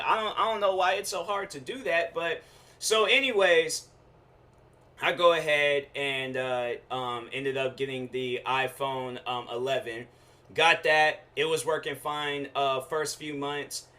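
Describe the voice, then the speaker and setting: A young man hosting his own show, telling a casual slangy rant with lively quoted asides. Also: on the high side. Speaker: show host.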